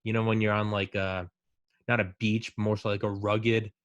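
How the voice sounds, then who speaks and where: A man in casual chat, talking excitedly and rambling with lots of fillers. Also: lowish voice, moderate pace, no room sound, highs cut off.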